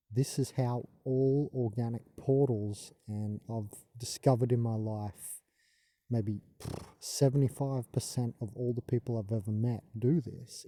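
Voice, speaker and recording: A man's voice: medium pitch, dark tone, no echo, clean studio sound. A man delivering a rambling, indignant spiritual monologue, full of fillers and restarts. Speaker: video monologue host.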